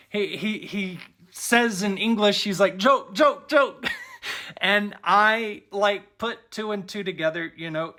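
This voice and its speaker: Bright-voiced Cajun man telling a story. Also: high-pitched. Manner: animated, chatty with many fillers. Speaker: vlogger. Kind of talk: casual storytelling.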